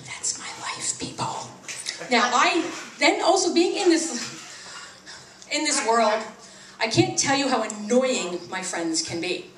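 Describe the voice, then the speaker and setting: A middle-aged woman performing stand-up comedy at an open mic, telling stories and acting out what people said. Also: a little slow. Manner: animated, acts out quoted voices with big pitch jumps. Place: small tea house open mic. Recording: roomy sound, from far off the mic.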